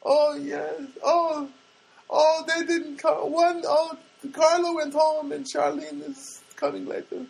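A man voicing a puzzled young foreign woman working a bakery counter, speaking slowly and haltingly. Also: extremely high pitch, level tone, gravelly, voice pushed up, exaggerated voice, rough recording. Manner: slow, halting, bewildered.

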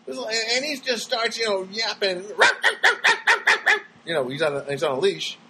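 A man's voice: sits high, a little slow, sharp tone, low-quality recording. Guy rambling and stammering thru a comic story at home, faint background hum.

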